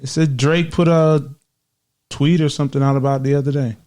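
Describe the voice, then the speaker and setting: A man's voice: fairly high pitch, steady tone, fairly quick, a little mellow. A man co-hosting a podcast, chatting casually and teasing his co-hosts. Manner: joking, teasing. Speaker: podcast co-host. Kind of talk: casual chat.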